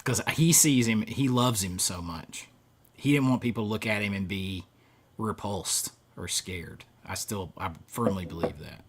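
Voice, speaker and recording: A middle-aged man hosts a live stream, his lowish voice a little slow with a breathy edge. He chats casually and rambles while reading viewer comments, often chuckling between thoughts.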